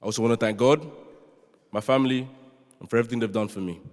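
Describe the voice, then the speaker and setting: Young man, London accent, earnest chapel speech, mid-pitched voice, long hall reverb. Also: quick pace. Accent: London English. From London, born in Nigeria. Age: young adult. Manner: earnest, banters with the audience. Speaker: student speaker. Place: large chapel.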